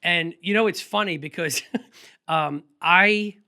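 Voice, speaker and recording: Male podcast guest, high bright voice, lively rambling storyteller. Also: gravelly, smooth. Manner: energetic, rambling, quick anecdotes with laughs. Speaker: guest photographer. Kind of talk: casual storytelling interview.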